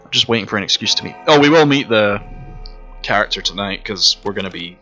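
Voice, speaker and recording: A man talks through his gameplay in a casual, rambling way, swearing freely and poking fun at himself. His voice sits low but has a bright, forceful edge. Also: animated, fast talker, soft background music. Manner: rambling, profane and self-mocking. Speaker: let's play commentator.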